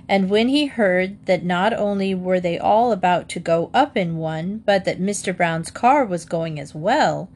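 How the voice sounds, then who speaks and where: Woman narrating a children's audiobook. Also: mid-range voice.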